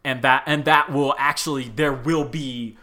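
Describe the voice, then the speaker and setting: Bright-voiced man explaining with amused skepticism. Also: medium pitch, steady tone, unhurried. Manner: skeptical, amused, laughs while telling stories. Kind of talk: casual conversational explaining.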